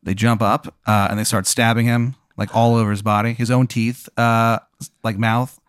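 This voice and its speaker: A man's voice: mid-range voice, level tone, moderate pace, clear, resonant tone, dry recording, clean studio sound. A man running a tabletop game as game master, talking casually and swearing. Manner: casual, profane, rambling.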